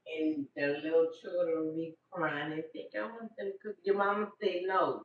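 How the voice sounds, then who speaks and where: A woman's voice: deep voice, expressive, a little slow, few pauses, fairly bright tone. An older woman, talking casually to her livestream viewers, emphatic and repeating herself for effect. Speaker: livestream host. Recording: distant, dull, echoey room sound.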